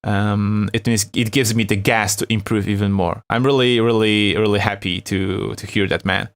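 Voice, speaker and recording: A man's voice: fairly low pitch, fairly even intonation, normal speed. A young man from Poland with a Polish accent, hosting a live beat-making stream in a loose, chatty way, reading chat aloud and laughing often. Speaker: beat-making livestream host.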